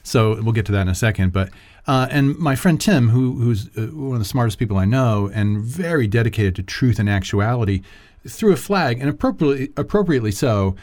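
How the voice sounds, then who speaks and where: A man co-hosting a podcast, reflecting on politics with frequent pauses and restarts. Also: mid-range voice, animated, a little mellow. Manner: reflective, lots of fillers and restarts. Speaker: podcast co-host. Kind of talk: casual political chat.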